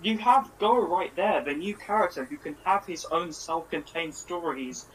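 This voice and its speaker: A man's voice: fairly high pitch, a bit bright, slightly rough, low-quality recording. Eager man explaining on a call. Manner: eager, explains at length, quick. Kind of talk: casual chat about an anime. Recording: voice call with faint noise.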